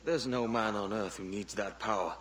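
An actor playing a determined pirate captain, firm and earnest in a video game cutscene. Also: male voice, fairly low pitch, moderate pace, fairly bright tone, far from the mic, lightly acted.

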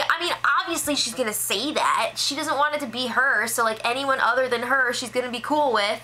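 A chatty woman rattles through a reality show recap with a bright, forceful tone and a voice pitched a little high. She talks casually with plenty of fillers. A faint hiss of noise sits behind her. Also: rough recording. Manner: chatty, filler-heavy, quick impressions of people she quotes.

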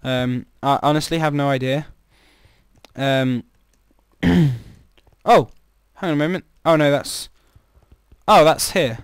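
A man's voice: on the high side, takes it slowly, pauses often, clean tone, no room sound, clean studio sound. A man giving rambling, chatty commentary while playing a game, breaking into startled exclamations. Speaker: gamer. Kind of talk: casual gameplay commentary.

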